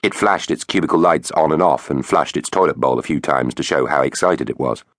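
A middle-aged man, telling a children's story in a lively way. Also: very deep voice, brisk, no echo, clean studio sound. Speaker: audiobook narrator. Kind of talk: scripted narration of a children's book.

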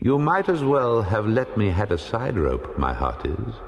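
A weather-beaten seaman, as a male narrator puts him on, calls out heartily in a voice pitched well above the narrator's own. He sounds loud and bold, and a long reverb trails behind him. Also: very animated, a little slow. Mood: hailing. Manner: hearty, calling out.

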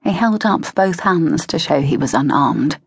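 A woman narrating an audiobook in a measured, expressive way, close to a studio mic. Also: low-pitched, creaky, slightly rough, no echo. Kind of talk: scripted narration of a historical romance.

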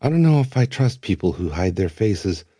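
A man voicing a naive young man who asks wide-eyed questions, his voice rising high as he struggles to understand. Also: very animated, moderate pace, warm tone, slightly rough, dry recording, studio quality, heavily acted. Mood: bewildered.

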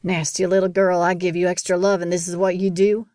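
A woman narrator voicing an abusive father who yells harshly, in a dry recording. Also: lowish voice, level tone, brisk, no room sound, close to an everyday voice. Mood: yelling. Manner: yelling, harsh. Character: abusive angry father, grown man.

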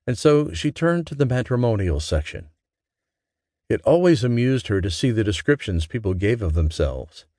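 Male narrator for a romance audiobook, gentle and measured, dry studio sound. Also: on the low side, no room sound. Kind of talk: scripted narration.

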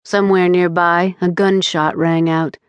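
A woman narrating an audiobook in a steady, measured storytelling manner on a close studio mic. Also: lowish voice, clear, resonant tone, no room sound, dull audio. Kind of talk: scripted narration.

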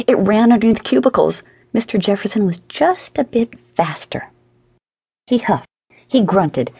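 Mellow, husky woman narrating a storybook. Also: mid-range voice, no room sound. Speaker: audiobook narrator. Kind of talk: scripted narration.

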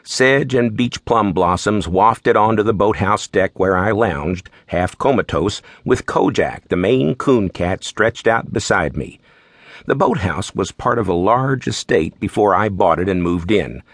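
Wry low-voiced male audiobook narrator. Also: unhurried, no echo, studio quality. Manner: wry, relaxed storytelling. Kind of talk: first-person audiobook narration.

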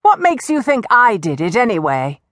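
A woman voicing a sharp-tongued young woman who talks back with defiant sarcasm. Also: on the high side, huge pitch swings, moderate pace, no room sound, clean studio sound, pitched above the performer's own voice. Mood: exasperated.

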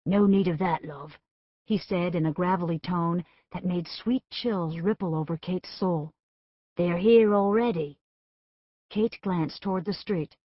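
A woman narrating a romance audiobook in a measured, expressive reading voice. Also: on the low side, no echo. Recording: dull, dry studio recording.

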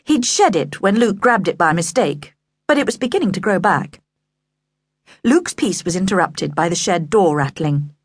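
Woman audiobook narrator, lively pitch, expressive, dry studio sound. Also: moderate pace, breathy edge, no room sound. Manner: expressive, animated. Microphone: studio microphone.

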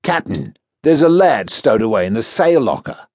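A man's voice: medium pitch, very animated, normal speed, a little mellow, dry recording, clean studio sound. Man doing a keyed-up, deferential sailor crewman. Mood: eager.

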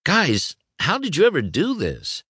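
A man's voice: fairly high pitch, big pitch swings, extremely slow, no room sound, pitched above the performer's own voice, heavily acted. An eager young male race car from a storybook, exclaiming in a raised, bouncy voice as a man reading aloud does him. The sound is dry and close to the mic. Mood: amazed.

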